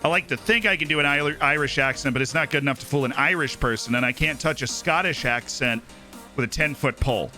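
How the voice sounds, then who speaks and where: Bright-voiced man rambling on a stream. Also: on the high side, fast talker, soft background music. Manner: rambling, tags "right?" and "like" often. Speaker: live streamer host. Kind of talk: casual chat about football.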